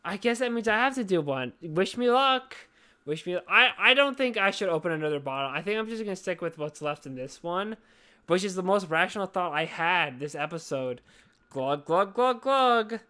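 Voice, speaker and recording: A woman's voice: lowish voice, lively intonation, brisk, sharp tone. A drunk woman hosting a casual podcast chat, rambling, swearing and apologizing over and over. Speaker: podcast host.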